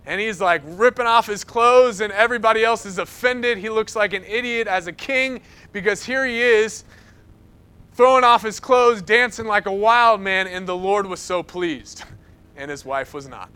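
A man delivering a sermon with a high, bright voice. He tells his stories with energy and acts out the lines of the people in them, and his tone stays smooth and clear. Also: moderate pace. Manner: animated storytelling, acts out quotes. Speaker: preacher.

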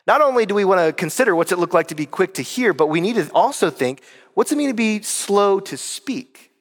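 A man's voice: sits high, lively intonation, fairly quick, big-room sound. A middle-aged man preaching a conversational sermon in a church, emphatic and full of rhetorical questions. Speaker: pastor. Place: church sanctuary.

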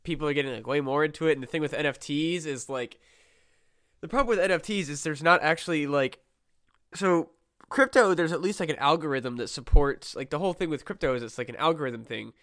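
A man's voice: on the high side, a little fast, fairly bright tone, no echo, studio quality. A young man from Iowa hosting a casual podcast chat, ranting with constant swearing and restarts. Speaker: podcast host.

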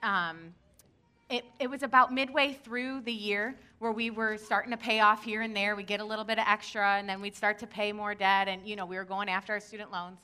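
A young adult woman preaching, telling a story in a lively, candid way. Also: mid-range voice, brisk, clear, resonant tone. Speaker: pastor. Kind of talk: sermon.

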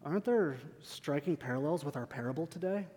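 A man's voice: fairly high pitch, expressive, a little fast, warm tone. A man preaching a sermon in a church, earnest and emphatic, asking rhetorical questions of the congregation. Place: church sanctuary. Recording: long hall reverb.

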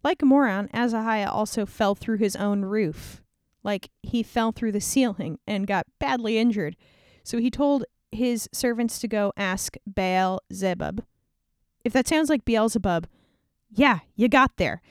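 A woman's voice: medium pitch, unhurried, smooth, no echo, clean studio sound. A woman casually retelling an old scripture story in a slangy, irreverent way, peppered with "like". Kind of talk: casual comedic Bible retelling.

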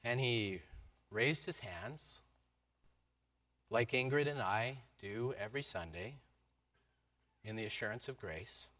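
A man preaching a sermon, telling a story and acting out the voices in it, moving between loud outbursts and quiet lines. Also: mid-range voice, animated, slow pace, long pauses. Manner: acts out quoted voices, swings from loud to soft. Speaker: pastor.

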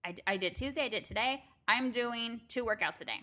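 Young woman podcast co-host, chatty and profane, bright slightly high voice. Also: fast talker. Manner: chatty, swears freely, acts out quotes. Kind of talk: casual chat.

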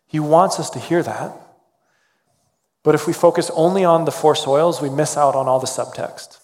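Earnest pastor in a reverberant hall. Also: male voice, a little high, normal speed. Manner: earnest, conversational preaching with fillers. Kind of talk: sermon.

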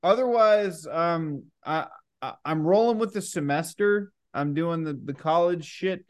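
A young man co-hosting a podcast in casual chat, loose and profane and quick to laugh. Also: on the high side, background noise. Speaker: podcast co-host.

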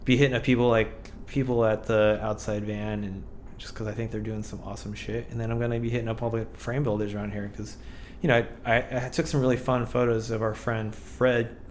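A man as a podcast guest in casual chat, talking in a relaxed, rambling way. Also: lowish voice, fairly quick, slight background noise.

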